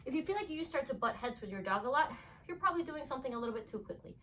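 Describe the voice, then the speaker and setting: A woman's voice: sits high, animated, rapid-fire, a bit bright. A young woman dog trainer explaining to camera during a training demonstration at home, breaking off to praise her dogs cheerfully. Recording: distant camera mic, faint room noise.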